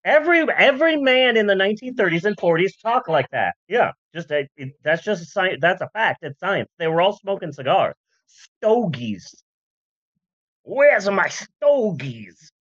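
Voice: mid-range voice, lively intonation, fairly quick, hardly any pauses, a bit bright, dry recording, muffled recording. A podcast host telling history in a rambling, jokey way, full of asides and silly voice bits. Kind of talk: comedic history podcast chat.

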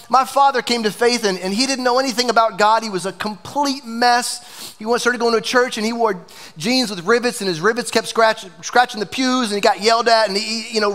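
A man's voice: very high-pitched, a bit bright, in a large hall. A man preaching a sermon as pastor, passionate and emphatic, in a church sanctuary.

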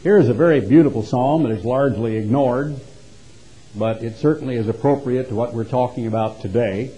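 A man preaching a sermon, emphatic and full of rhetorical questions, swinging from hushed to loud. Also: medium pitch, brisk, rough recording.

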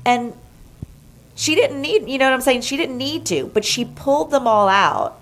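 A woman telling a story in a casual chat, animated, acting out what others said in higher voices. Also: moderate pace, rough recording. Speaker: guest.

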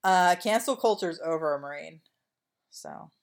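A woman's voice: fairly low pitch, lively intonation, a little slow, creaky. A woman co-hosting a podcast in casual chat, rambling and wry with lots of fillers. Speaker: podcast co-host.

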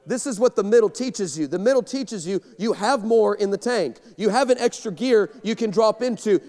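A male guest pastor from Texas preaching a sermon, energetic and storytelling, often repeating words as he builds. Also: sits high, moderate pace, hardly any pauses. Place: large church sanctuary. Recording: long hall reverb in church.

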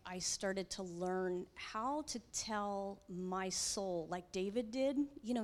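A woman sharing her personal testimony with a church audience in an animated storytelling manner, acting out her own prayers and other people's lines with candid, self-mocking asides. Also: medium pitch. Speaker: guest speaker giving her testimony.

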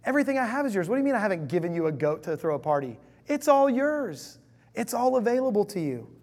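A preacher putting on the voice of a joyful, generous father welcoming his son home, husky and exuberant. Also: high voice, sing-song, quick pace, darkish tone, big-room sound, pitched above the performer's own voice, full character voice. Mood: pleading.

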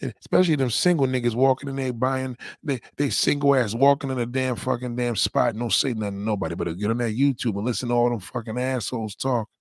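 A man rants on his livestream, loud and rambling, circling back to the same catchphrases. His voice sits at an ordinary middle pitch. The sound is dry and close, with no room echo. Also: quick pace, hardly any pauses. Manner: loud, rambling, repeats catchphrases, heavy swearing. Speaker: livestream host. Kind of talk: profane livestream rant.

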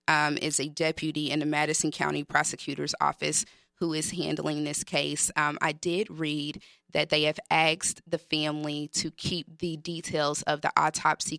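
Low gravelly-voiced woman co-host. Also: no echo, studio quality. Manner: calm and informative, many filler ums. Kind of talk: news talk show commentary.

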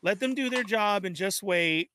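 A man telling an animated story in casual chat, laughing often and acting out the dialogue. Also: sits high, moderate pace, a little hiss or hum. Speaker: show regular telling a story.

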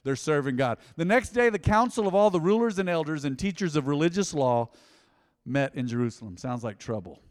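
A pastor preaching a sermon, swinging between loud emphasis and hushed asides. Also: male voice, fairly high pitch, animated, a little fast, big-room sound. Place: church hall.

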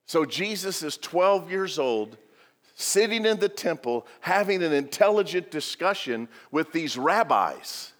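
A man's voice: a little high, sing-song, a little slow, long reverb tail. A male pastor giving a sermon in a church, telling the story with humor and joking asides.

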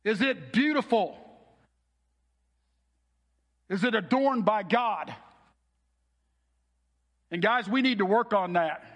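A middle-aged male pastor with a high, slightly bright voice preaches an earnest, heartfelt sermon. He's animated and a little slow, and the recording has a long hall reverb.

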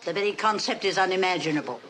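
A man's voice: sits high, expressive, a crowd in the background, voice pushed up, low-quality recording. A man voicing a prim older woman who lectures about birds. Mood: haughty. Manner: haughty, lecturing, fast.

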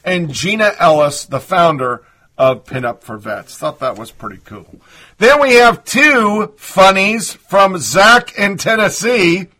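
A man's voice: high-pitched, expressive, takes it slowly, sharp tone. A man hosting a commentary show, reading listener messages and news with a sarcastic edge. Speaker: host.

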